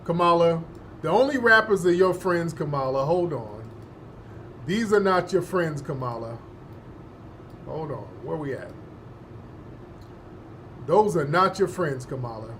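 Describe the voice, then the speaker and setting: A man's voice: on the high side, expressive, a little slow, long pauses, a bit bright, a little hiss or hum. A male host giving opinionated political commentary in an emphatic, slangy, scoffing manner.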